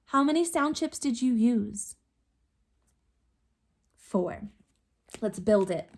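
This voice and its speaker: A woman teacher giving a remote phonics lesson to young children, sounding out words slowly with patient step-by-step prompts. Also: fairly high pitch, animated, a little mellow.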